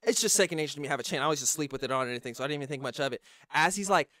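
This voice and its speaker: Fast-talking young man telling a story. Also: fairly high pitch, pushed and bright, no room sound, studio quality. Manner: slangy, rambling, restarts often. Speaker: podcast co-host. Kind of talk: casual storytelling chat.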